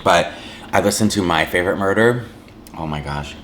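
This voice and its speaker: A faint hiss or hum sits under this low-pitched man's voice, which has a fairly bright tone and a moderate pace. He's a mukbang vlogger who rambles casually to viewers as he eats, saying "like" a lot, chewing, and humming between bites.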